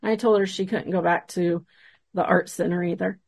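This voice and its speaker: A woman paranormal investigator, a guest on an interview show, telling a story from an investigation in a casual, animated way and acting out the dialogue. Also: lowish voice, normal speed, vocal fry, slightly rough, no echo.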